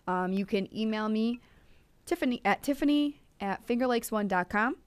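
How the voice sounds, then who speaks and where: A woman's voice: on the high side, lively intonation, normal speed, clear, resonant tone, no echo. A young woman hosting a casual web show, chatting in a bubbly, gushing way with plenty of ums. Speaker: show host. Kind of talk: casual chat.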